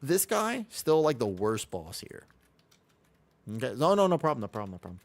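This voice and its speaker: A man's voice: mid-range voice, sing-song, normal speed. An American man from Los Angeles, chatting casually on a live game stream, reading out and answering viewer questions. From Los Angeles, USA.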